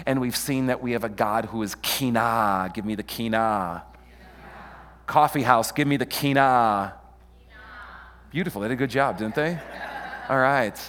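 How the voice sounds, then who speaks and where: A man preaching a sermon in an animated way, calling on the congregation to answer him. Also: medium pitch, a little slow, long pauses, slight background noise. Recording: long hall reverb.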